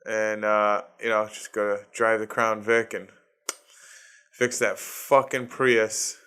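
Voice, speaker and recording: A man's voice: on the low side, level tone, slow pace, bright, forceful tone, smooth. A man in his thirties with a Boston accent, hosting his own comedy podcast in a profane, ranting solo monologue and laughing at his own jokes. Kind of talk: casual solo podcast rant.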